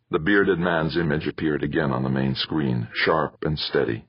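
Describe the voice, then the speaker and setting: A man narrating a novel in a dramatic, lively reading style. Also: very deep voice, normal speed, breathy edge. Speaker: audiobook narrator. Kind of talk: scripted narration of a sci-fi novel. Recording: slightly muffled.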